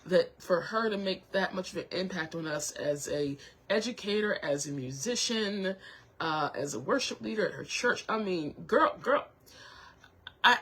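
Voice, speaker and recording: A young woman hosting her own show, talking to viewers while close to tears, halting with many restarts and apologies. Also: lowish voice, a bit bright, husky. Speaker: show host. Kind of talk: emotional personal talk to viewers.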